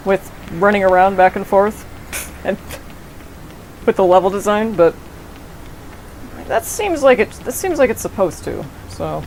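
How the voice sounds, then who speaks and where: A woman's voice: medium pitch, animated, unhurried, pauses often, darkish tone, a little hiss or hum, low-quality recording. A young woman streaming a game, rambling and swearing as she cuts herself off mid-sentence. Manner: rambling, profane, self-interrupting. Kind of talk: casual gameplay commentary. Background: faint game music.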